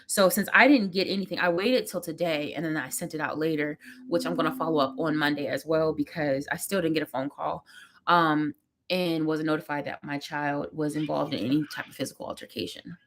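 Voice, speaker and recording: A young woman chatting to camera as she does her makeup, telling a story about her son with lively quotes. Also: sits low, a little fast, a little hiss or hum. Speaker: vlogger, mother. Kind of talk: casual chat to camera. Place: home.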